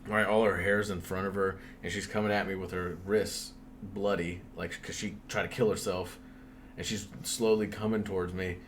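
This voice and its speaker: A man's voice: fairly low pitch, steady tone, a little fast, slight background noise. A young man casually telling a spooky story on a podcast, swearing often and breaking into laughs.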